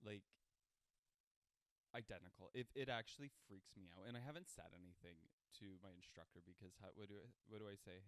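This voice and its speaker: A man's voice: deep voice, fairly quick, a bit bright, no room sound. A young man from Canada hosting a casual solo podcast, rambling and self-deprecating. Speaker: podcast host.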